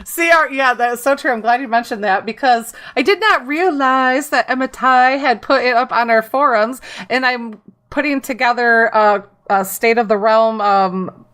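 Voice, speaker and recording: A woman's voice: on the high side, moderate pace, a bit bright. A woman hosting a casual roundtable podcast, talking with lots of giggling and laughter. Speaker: podcast host.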